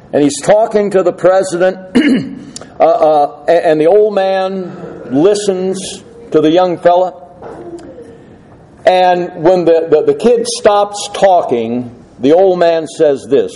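A male pastor preaching a sermon, telling a story in a conversational way with pauses and restarts. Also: sits high, warm tone, rough recording.

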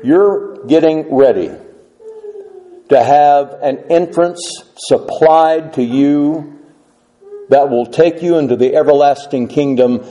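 A male pastor preaching a sermon, telling a story in a conversational way with pauses and restarts. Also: fairly high pitch, mellow, lo-fi sound.

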